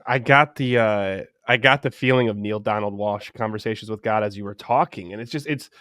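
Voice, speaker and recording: A man's voice: fairly low pitch, brisk, a bit bright, clean tone, no room sound, studio quality. A man hosting a podcast interview, chatting casually and answering with short backchannel replies. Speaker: podcast host.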